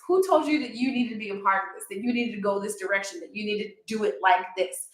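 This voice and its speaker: Woman yoga coach, casual pep talk, higher voice, roomy echo. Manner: chatty and encouraging, with fillers. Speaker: yoga teacher and confidence coach.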